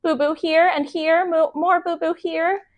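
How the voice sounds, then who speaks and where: A babyish toddler boy, as a woman reading a bedtime story acts him out squeals his words in a very high, sing-song voice. He stretches out his babyish words. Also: steady tone, measured pace. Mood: whimpering.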